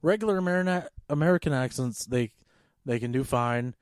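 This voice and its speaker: A man's voice: mid-range voice, a little fast, clear, resonant tone, no room sound. Joking podcast guy, dry close mic. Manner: joking, does mock voices in quotes. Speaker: podcast co-host. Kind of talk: casual movie chat.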